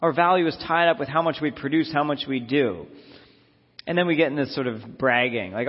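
A man's voice: mid-range voice, brisk. A man giving a sermon as a minister, reflective and repeating phrases for emphasis. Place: church sanctuary. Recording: dull lo-fi audio in a reverberant sanctuary.

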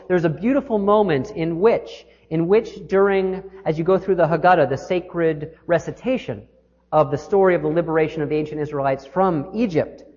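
A man's voice: a little high, darkish tone. Man preaching in an echoey hall. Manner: storytelling, shifting between quick and slow. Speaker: minister. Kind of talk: sermon. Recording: echoey hall, dull lo-fi sound.

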